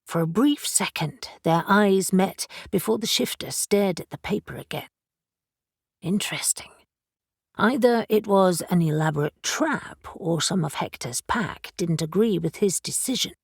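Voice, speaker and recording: A woman narrating a fantasy audiobook in a measured, even way. Her voice is low and husky, and the recording is close and dry with no room sound. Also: dry recording. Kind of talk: scripted narration.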